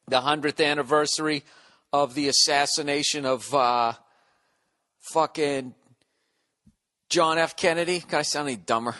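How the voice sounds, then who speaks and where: Podcast host, man in his 40s, from the United States, high bright voice, sarcastic profane rant. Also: steady tone, moderate pace, long pauses. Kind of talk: solo comedic rant.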